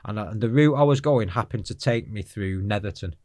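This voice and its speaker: A man's voice: fairly low pitch, fairly quick, dark tone, dry recording. A man speaking as an interview guest, telling his life story in an earnest, frank and rambling way.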